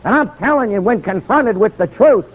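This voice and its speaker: A man's voice: high voice, lively intonation, normal speed, a little hiss or hum. A man preaching in storytelling style, acting out the dialogue as he goes, in a muffled recording with faint ambience. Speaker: preacher and attorney. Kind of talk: sermon storytelling.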